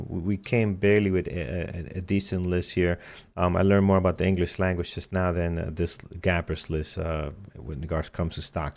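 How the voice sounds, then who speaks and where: A man hosting a live trading show, giving casual market commentary, reading out tickers and repeating warnings to be careful. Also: sits low. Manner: casual, reads tickers aloud, repeated cautions.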